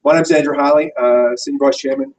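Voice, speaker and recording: A man's voice: mid-range voice, steady tone, fast, darkish tone, a little hiss or hum, poor audio. A man with an Australian accent hosting a business meeting, chatty and self-deprecating as he introduces the next speaker to the room.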